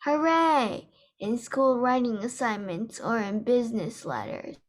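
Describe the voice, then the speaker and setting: A woman's voice: fairly high pitch, moderate pace. A woman student reading a textbook aloud in an online class, careful and stumbling now and then, heard over a video call.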